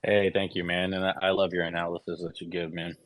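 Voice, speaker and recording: A man's voice: low voice, flat delivery, quick pace, a bit bright, no echo. A man co-hosting an online chat, friendly and teasing as he brings people up. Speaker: co-host moderator. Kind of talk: casual chat.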